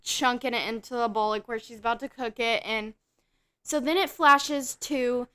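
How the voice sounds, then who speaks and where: Smooth-voiced woman podcast co-host. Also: a little high, moderate pace. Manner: plain, steady plot summarizing. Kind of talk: casual film review chat.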